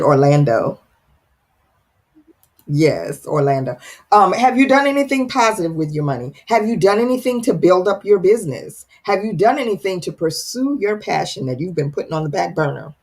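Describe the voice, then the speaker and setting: Woman host, casual livestream chat, playful and teasing, animated pitch, slightly breathy. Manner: playful, teasing, dramatic, laughs often. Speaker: live stream host reading viewer comments.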